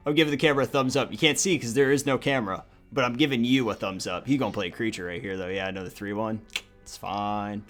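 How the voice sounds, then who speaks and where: A young man giving crude, joking commentary over a card video game, swinging from low mutters to loud cheering. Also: fairly quick, soft background music. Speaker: gaming YouTuber. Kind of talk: profane gameplay commentary.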